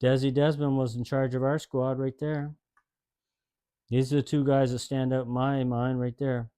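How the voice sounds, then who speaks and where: A man's voice: medium pitch, flat delivery, moderate pace, warm tone, clear, resonant tone. Guy in his 60s spinning old yarns, rambly and folksy, chuckling, ordinary mid voice. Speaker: host telling service stories. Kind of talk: casual storytelling.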